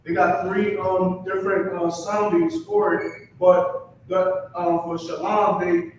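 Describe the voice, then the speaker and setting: A student answering a question in class, halting, with many fillers. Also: male voice, high-pitched, level tone, dull audio, a little hiss or hum. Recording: echoey room, far from mic.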